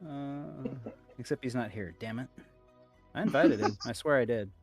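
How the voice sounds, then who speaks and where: A man's voice: medium pitch, normal speed, breathy edge, no room sound, soft background music. A man chatting on a podcast, rambling and joking, trailing off with fillers. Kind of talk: casual chat.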